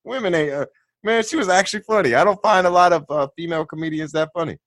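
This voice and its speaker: A man's voice: on the high side, fast talker, a bit bright, no room sound. A man co-hosting a casual chat, swearing freely and saying dude. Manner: laughs easily, swears, says dude. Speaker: podcast co-host.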